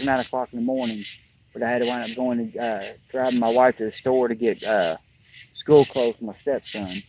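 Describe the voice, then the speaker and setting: A sleepy, yawning man rambling to his livestream viewers outdoors on a riverbank, in a drawling, plainspoken way. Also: medium pitch. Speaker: fishing livestreamer. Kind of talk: rambling casual chat to viewers. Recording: outdoor clip with loud insect noise.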